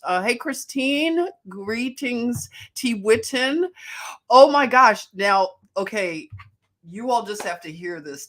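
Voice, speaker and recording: A woman's voice: medium pitch, fairly bright tone. A woman with a Philadelphia accent hosting a casual livestream, greeting viewers by name and laughing often. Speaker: livestream host.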